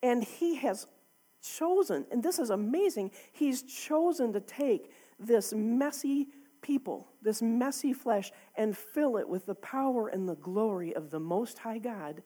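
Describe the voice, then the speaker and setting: Husky-voiced woman preaching a sermon. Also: fairly high pitch, lively intonation, unhurried, dark tone. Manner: candid, conversational, often laughing.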